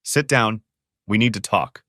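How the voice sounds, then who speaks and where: A man voicing a gruff, blunt older male business owner in a storybook reading. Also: lowish voice, unhurried, bright, forceful tone, no echo, clean studio sound. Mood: stern. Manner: blunt, cursing.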